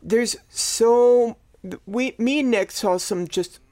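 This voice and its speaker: A man's voice: extremely high pitch, slow pace, darkish tone. A man co-hosting a podcast in rambling, sarcastic casual chat, swearing freely. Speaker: podcast co-host.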